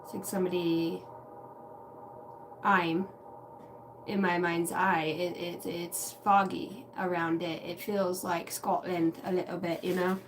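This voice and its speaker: A woman's voice: fairly low pitch, flat delivery, slow pace. A woman giving a casual livestream tarot reading. She talks in a meandering, reflective way and swears casually now and then. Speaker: tarot and intuitive reader. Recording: distant mic with faint background noise.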